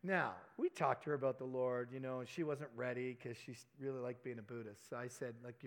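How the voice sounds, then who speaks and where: A man's voice: mid-range voice, normal speed. A man preaching by telling a personal story, chatty and anecdotal, with self-deprecating asides. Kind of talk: sermon storytelling.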